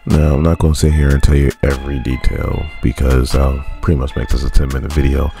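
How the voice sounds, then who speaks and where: Very deep-voiced man recapping comics. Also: brisk, gravelly, over music. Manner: laughing, animated, chatty retelling. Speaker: comic book channel host. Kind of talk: casual comic recap vlog.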